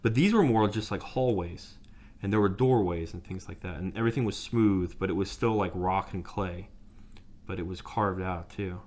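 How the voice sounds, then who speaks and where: Low-voiced man recalling haltingly. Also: a little mellow. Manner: halting, searching for words. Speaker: interview guest. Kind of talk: recounting memories.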